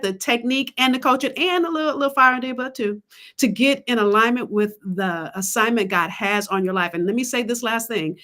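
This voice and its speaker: Woman, business coach, livestream pitch, emphatic, testifying, higher voice. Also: a bit bright. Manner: emphatic, testifying, calls out to the audience.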